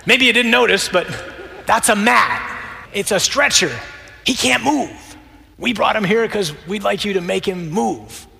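A man's voice: high-pitched, measured pace, vocal fry, long reverb tail, voice pushed up, full character voice. A man doing frantic men calling from a roof. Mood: exasperated. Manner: loud, incredulous, calling out. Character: exasperated men shouting down from a roof.

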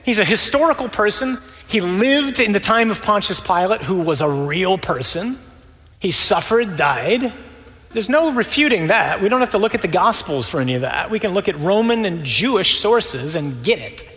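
A man preaching a sermon, lively and conversational, acting out the voices of the people in the scripture stories. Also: sits high, moderate pace, long reverb tail.

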